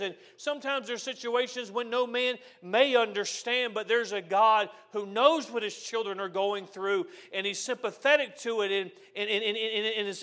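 A man preaching a sermon as pastor, moving from loud declarations to soft, tender passages, repeating phrases. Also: sits high.

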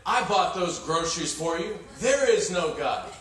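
A preacher playing a snarky atheist neighbor. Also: male voice, high voice, lively intonation, unhurried, a bit bright. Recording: echoey hall from far off.

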